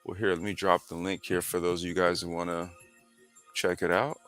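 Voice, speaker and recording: A man hosting a casual sim racing show, talking in a loose, slangy way full of fillers. His voice sits low but sounds bright and forceful. Faint music plays behind him. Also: level tone, fairly quick. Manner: laid-back, slangy, reads history aloud with frequent fillers. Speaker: podcast host.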